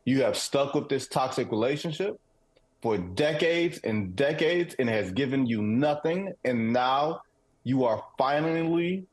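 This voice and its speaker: A man's voice: mid-range voice, lively intonation, unhurried. A man from Detroit co-hosting a casual sports talk show, emphatic and guarded, repeating short phrases. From Detroit, United States. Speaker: co-host.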